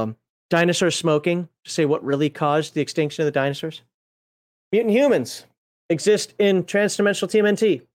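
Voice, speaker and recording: A man chatting casually as a streamer while paging through tabletop game books, rambling, swearing offhand and laughing at himself. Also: on the high side. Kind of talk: casual chat.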